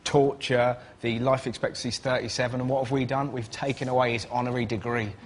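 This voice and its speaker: A man's voice: mid-range voice, flat delivery, fast, slight background noise. A man on a comedy panel show, talking in a mock-serious, sarcastic way.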